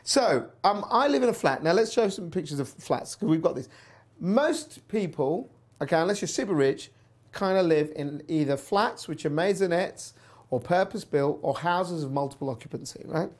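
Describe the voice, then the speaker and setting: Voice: mid-range voice, animated, moderate pace, a little mellow. A presenter telling a personal story in a chatty, wry way while hosting a news show. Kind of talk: casual news commentary.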